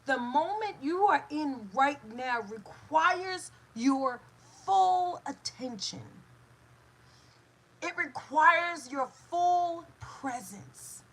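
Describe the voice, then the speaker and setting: Slow, bright-voiced inspirational woman. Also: sits high, animated, poor audio. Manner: emphatic, repetitive, drops to a hush for stress; emotional, speaks to a live listener. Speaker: host. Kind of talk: inspirational spoken talk.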